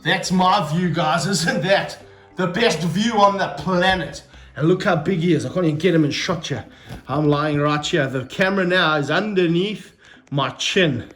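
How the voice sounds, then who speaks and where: An energetic man, handling and filming a snake outdoors for his vlog, exclaiming and coaching a helper. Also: fairly high pitch, normal speed. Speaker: snake handler and wildlife vlogger. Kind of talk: excited hands-on wildlife vlog. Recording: roomy sound, mic held off at a distance, faint music behind.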